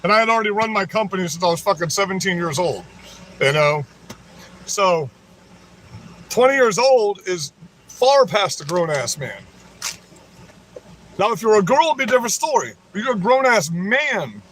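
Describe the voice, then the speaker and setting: A man with a high-pitched voice hosts a livestream, ranting in a heated, profane tirade straight at his audience. He keeps tossing in "you know what I mean" as he presses his points, and a faint hum sits behind him. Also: sing-song, moderate pace, long pauses, fairly bright tone. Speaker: livestream host. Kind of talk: livestream rant.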